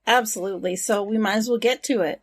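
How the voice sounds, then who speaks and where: A woman with a medium-pitched voice co-hosts a casual podcast. She speaks earnestly about the film and then reads out the show's sign-off in a plain, steady way. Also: fast. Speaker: podcast co-host.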